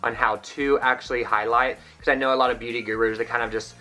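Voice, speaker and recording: A man's voice: mid-range voice, little pitch movement, fast talker, bright, forceful tone. A young man chatting through a makeup tutorial in a casual, self-mocking way. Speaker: vlogger.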